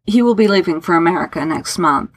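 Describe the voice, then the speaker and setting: A woman reading a subdued, formal gentleman. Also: lowish voice, expressive, fast. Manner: formal, clipped replies. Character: reserved, dejected English gentleman aviator.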